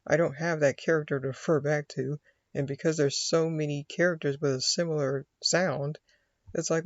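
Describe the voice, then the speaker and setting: A man from the United States talks in a loose, rambling way, often acting out his own inner voice. His voice sits a bit high and has a lot of gravel. The sound is dry and slightly dull. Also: steady tone, moderate pace, dry recording. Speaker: vlogger. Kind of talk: casual rambling monologue.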